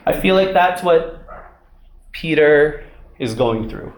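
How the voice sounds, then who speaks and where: A man's voice: fairly high pitch, lively intonation, takes it slowly. A young man preaching a sermon in a conversational way, with asides like "right?", in an echoey room.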